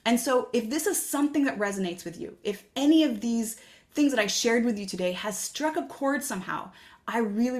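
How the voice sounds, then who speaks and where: A woman hosting her own podcast, talking earnestly and coaching listeners with reflective questions. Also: medium pitch. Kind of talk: solo podcast talk.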